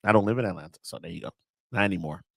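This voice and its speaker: A man's voice: low voice, rapid-fire, creaky, fairly bright tone, husky, no room sound. A man with a Southern US accent hosting a casual football reaction, exasperated and slangy, repeating words for emphasis. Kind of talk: casual fan rant.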